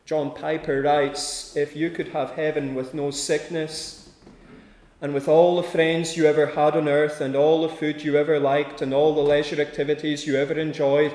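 A man's voice: fairly high pitch, flat delivery, normal speed, darkish tone, echoey room. A man preaching a sermon with a rhythmic delivery, building his points through emphatic repeated lists.

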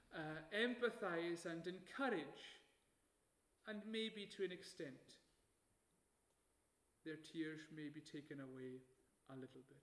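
A man preaching a sermon, measured and emphatic, slowing down to stress key phrases. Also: high-pitched, sharp tone, roomy sound.

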